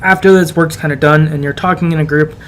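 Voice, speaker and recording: A man's voice: on the high side, fairly even intonation, quick pace, slight background noise. A man co-hosting a podcast, recapping a story game in casual, rambling chat with lots of fillers. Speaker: podcast co-host.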